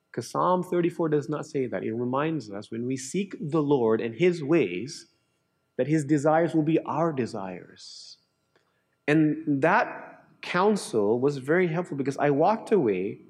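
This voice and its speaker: A middle-aged pastor from Canada preaching a sermon in an earnest way, rising into lively storytelling and dropping into quiet, low emphasis. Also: male voice.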